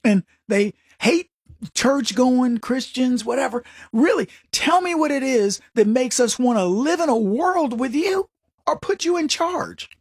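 A man's voice: very high-pitched, animated, a little slow, husky, dry recording, clean studio sound. A man hosting a political talk show, delivering an opinionated, mocking comedic monologue. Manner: mocking, mimics opponents in exaggerated voices, laughs at own jokes. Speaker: political commentary host.

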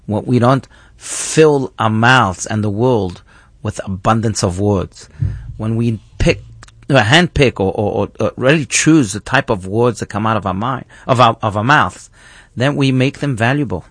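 Earnest rabbi, dry close sound. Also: male voice, lowish voice, a little slow, a bit bright, no echo. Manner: thoughtful, earnest, with frequent restarts. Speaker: rabbi, guest. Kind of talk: reflective teaching in conversation.

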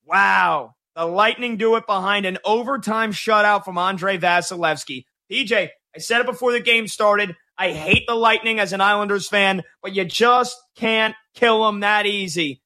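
A man with a high, bright, forceful voice talks sports live on a show. He jumps in with score updates, gets excited, and works through his thoughts out loud with quick restarts. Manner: excitable, thinks aloud in restarts. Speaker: sports talk show co-host.

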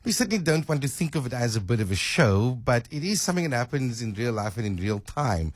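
A man's voice: medium pitch, very animated, fast, no echo. A man co-hosting a night radio show in casual chat, hesitant and full of restarts. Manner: hesitant, many restarts and fillers.

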